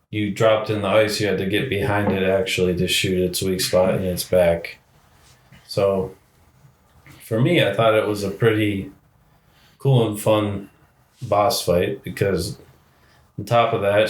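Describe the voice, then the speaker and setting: Man, podcast co-host, low and even delivery, methodical, roomy sound. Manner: steady, explains points methodically. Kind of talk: casual chat.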